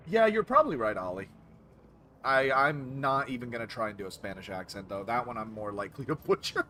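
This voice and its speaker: A man's voice: mid-range voice, animated, brisk, sharp tone, slight background noise. A man streaming a game, chatting casually with his viewers, correcting himself and reacting to their comments.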